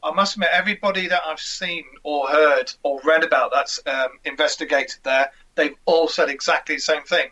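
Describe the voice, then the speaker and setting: A man's voice: fairly high pitch, fairly even intonation, normal speed, hardly any pauses, pushed and bright, low-quality recording. A man hosting an interview, chatting casually with lots of asides. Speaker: host.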